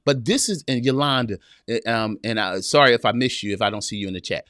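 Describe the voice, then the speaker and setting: A man hosting a live podcast, talking straight to his viewers and reading their chat, animated and preachy, repeating his phrases. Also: medium pitch, quick pace, no room sound, clean studio sound. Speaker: podcast host.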